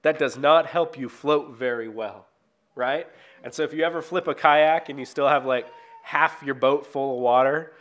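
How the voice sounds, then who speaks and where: A man with a medium-pitched, slightly bright voice preaches a conversational sermon at normal speed. He reads scripture, then explains it, often checking in with "right?"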